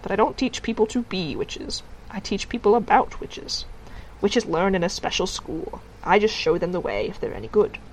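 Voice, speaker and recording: A woman's voice: mid-range voice, sing-song, moderate pace, a little hiss or hum, poor audio. A woman voicing a stern, dry-witted witch teacher in a read-aloud storybook, speaking in a clipped, sardonic way.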